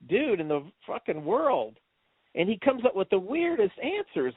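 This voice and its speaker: A man co-hosting a movie review chat, laughing often as he retells scenes with excitement. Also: high voice, moderate pace, slightly rough, no echo. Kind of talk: casual chat. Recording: tinny phone-like dry sound.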